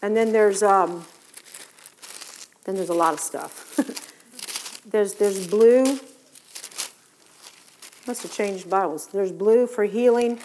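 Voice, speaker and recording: A woman preaches a sermon, animatedly telling Bible stories and acting out the voices of their characters. Her voice is mid-range, and she speaks at a slow pace with frequent pauses, over slight background noise.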